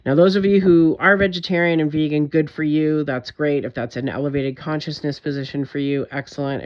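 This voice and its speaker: A woman's voice: rumbling low, darkish tone, lo-fi sound. A woman vlogger in a direct-to-camera monologue, talking in an intense, emphatic way, frustrated and swearing often.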